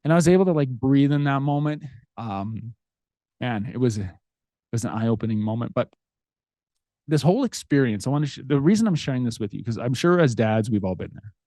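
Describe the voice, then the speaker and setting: A man's voice: medium pitch, lively intonation, a little fast, dark tone, dry recording. A man hosting a podcast, telling a personal story in an earnest, reflective way with restarts. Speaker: podcast host.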